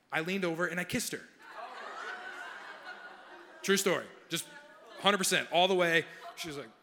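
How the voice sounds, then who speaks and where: Animated young male pastor in a hall. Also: fairly high pitch, slight background noise. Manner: animated, self-mocking humor. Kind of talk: sermon with personal storytelling. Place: large church hall.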